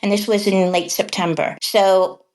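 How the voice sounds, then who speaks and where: A middle-aged woman, a kindergarten teacher and podcast guest, telling classroom stories in a lively conversational way. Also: mid-range voice, measured pace. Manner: animated, acts out quoted voices and laughs often. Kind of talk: conversational storytelling.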